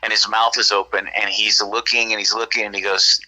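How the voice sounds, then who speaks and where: Bright-voiced man telling a rambling story. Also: on the low side, brisk, poor audio. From California. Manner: rambling, animated, acts out quoted dialogue. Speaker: guest telling an encounter story. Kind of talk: casual storytelling on a podcast.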